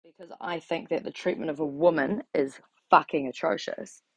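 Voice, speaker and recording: A woman's voice: deep voice, normal speed, no room sound. A young adult woman talking straight to camera in a blunt, sweary, exasperated rant. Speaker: vlogger. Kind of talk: ranting casual monologue.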